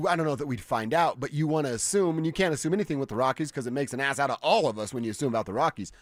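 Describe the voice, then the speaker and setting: A man from Colorado co-hosting a sports talk radio show, passionate and quick, often stammering into restarts at a studio microphone. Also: medium pitch, dry recording. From Northglenn, Colorado.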